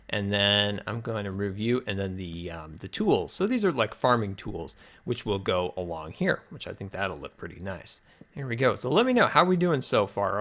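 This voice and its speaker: A man's voice: on the low side, a bit bright. Man, game let's-play host, upbeat, chatty, thinking aloud, slightly breathless. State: a little out of breath. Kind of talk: Minecraft let's play commentary.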